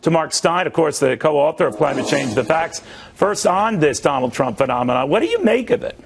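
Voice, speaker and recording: A man hosting a cable news interview, quick and joking, talking in a loose, conversational way. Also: on the high side, big pitch swings, vocal fry. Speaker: news show host.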